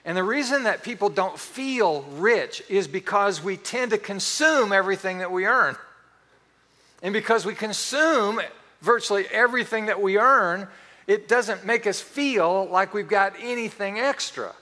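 A middle-aged man preaching a sermon, telling animated stories with acted-out quotes. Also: sits high, a little slow, long reverb tail. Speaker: pastor.

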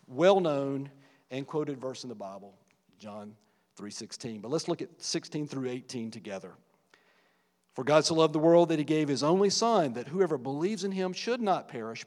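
A man preaching a conversational sermon, with asides and restarts, getting louder for emphasis. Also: mid-range voice, long reverb tail. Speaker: pastor.

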